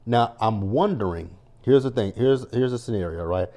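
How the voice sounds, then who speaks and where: A man's voice: mid-range voice, lively intonation, normal speed, dark tone. A man hosting a casual TV recap video, chatty and rambling, often turning to his viewers to address them directly. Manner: chatty, repeats "you guys" a lot; tells personal stories with many restarts. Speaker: TV recap host. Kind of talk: casual review vlog.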